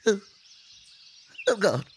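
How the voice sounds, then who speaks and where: A woman's voice: slow, a little hiss or hum, close to an everyday voice. A woman voicing a timid, cowardly man with a nervous, quavering, giggly manner. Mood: fearful. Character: timid cowardly man who lost his courage.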